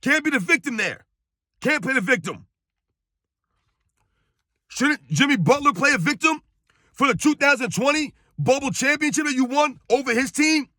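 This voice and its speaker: A man's voice: very high-pitched, expressive, moderate pace, long pauses, pushed and bright, dry recording, studio quality. A man giving an emphatic, scornful sports rant, hammering his points home with repetition. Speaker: sports commentator. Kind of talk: ranting sports commentary.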